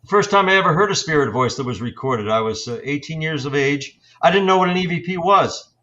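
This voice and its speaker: A man in his sixties, a paranormal investigator, telling his experiences in a halting, reflective way with many fillers and restarts. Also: fairly high pitch, expressive, bright, forceful tone, highs cut off. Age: 60s. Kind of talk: storytelling in an interview.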